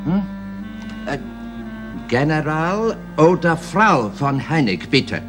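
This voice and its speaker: An actor playing a polite, flustered elderly English gentleman who speaks formally and hesitates often. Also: a little high, very animated, slow, soft background music. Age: older. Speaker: grandfather of the household. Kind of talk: 1930s period radio drama.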